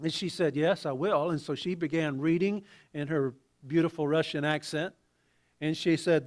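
Male pastor, slightly high voice, talky sermon with restarts and soft asides. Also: fairly even intonation. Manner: conversational, halting with restarts, drops to quiet asides.

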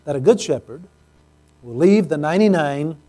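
A man's voice: a little high, lively intonation, moderate pace, mellow. A man, a pastor, preaching a sermon in a conversational way with joking asides.

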